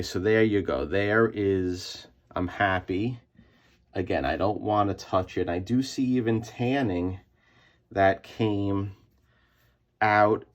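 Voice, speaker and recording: In a casual, hands-on tutorial, a man chattily guides viewers through restoring a comic book, repeating himself as he works. Now and then he makes squeaky sound effects in a high voice.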